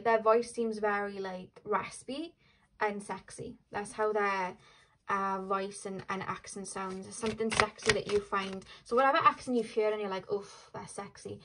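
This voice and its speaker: A woman's voice: medium pitch, noisy background. Chatty woman reading tarot. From Wales. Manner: chatty, rambling, frequent "like" and "um" fillers, laughs easily. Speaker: tarot reader. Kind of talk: casual tarot reading to camera.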